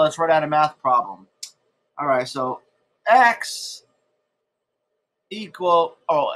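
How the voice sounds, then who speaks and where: A man's voice: fairly high pitch, bright, forceful tone. A man hosting a casual how-to tutorial, talking loosely and checking in with "right?" and "okay?", and drifting into a country accent at times. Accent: slips into a country accent at times. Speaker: edtech tutorial host. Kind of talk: casual screen-recorded tutorial.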